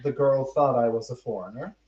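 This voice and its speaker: A man's voice: medium pitch, fairly quick, darkish tone. Rambling young man telling a story, roomy. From United States. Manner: rambling, self-mocking, restarts mid-sentence. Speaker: podcast host. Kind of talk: casual storytelling chat. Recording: roomy, distant and muffled mic.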